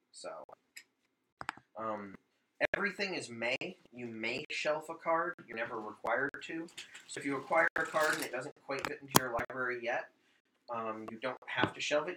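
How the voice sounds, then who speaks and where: A man's voice: medium pitch, moderate pace. Guy going over board game rules, far from the mic, noisy room.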